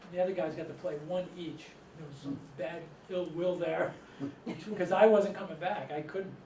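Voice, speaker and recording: A middle-aged man from Massachusetts with a fairly high voice spins rambling anecdotes to a live audience and chuckles as he goes. He is caught from some distance in an echoey room, and a steady layer of noise sits under his voice. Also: moderate pace. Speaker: author and storyteller. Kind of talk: storytelling talk to a live audience.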